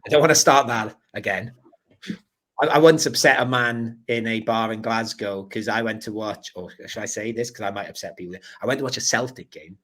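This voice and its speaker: Low-voiced man hosting a podcast. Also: a little fast, a bit bright, rough recording. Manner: rambling, apologetic storytelling. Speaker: podcast host. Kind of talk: casual podcast chat.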